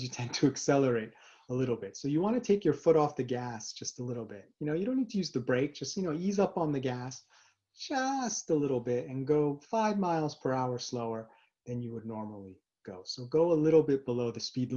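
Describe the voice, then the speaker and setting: A man hosting a video series on facilitation, coaching viewers in an upbeat, animated way with quick asides and rhetorical questions. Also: medium pitch, husky, muffled recording. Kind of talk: scripted talk to camera.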